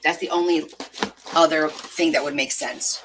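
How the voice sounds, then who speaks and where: A woman's voice: sits low, fairly even intonation, a little slow, background noise. A woman chatting casually to her viewers as she works on a junk journal, gushing over stickers with a self-described valley-girl lilt. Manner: chatty, talks to herself while sorting stickers, gushing. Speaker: crafting vlogger. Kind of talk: casual chat while crafting.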